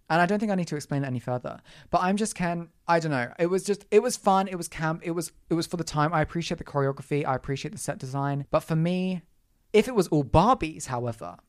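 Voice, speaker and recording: A young adult podcast host who talks alone in a loose, sarcastic rant and throws in plenty of camp asides. The delivery is animated and punchy, with a mid-pitched voice. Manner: animated, campy, sarcastic ranting with frequent asides. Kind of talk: casual solo podcast rant.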